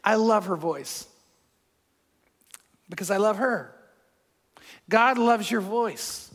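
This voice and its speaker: An older man preaching a sermon as a pastor, conversational and animated, chuckling as he goes. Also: high-pitched, slow. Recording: long hall reverb.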